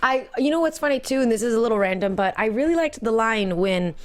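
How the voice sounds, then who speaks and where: A woman's voice: fairly high pitch, animated, quick pace. A woman co-hosting a movie review show in a casual, chatty way, often laughing and acting out lines from scenes. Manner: chatty and giggly, acts out scenes. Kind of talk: casual film review chat.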